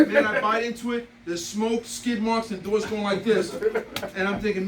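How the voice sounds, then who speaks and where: A man's voice: sits high, fast talker, a loud crowd. A man in his fifties leading a motivational sales training session, blunt and repetitive, laughing through his stories. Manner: animated storyteller, laughs through anecdotes; blunt, repeats key points. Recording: roomy, distant, noisy room recording.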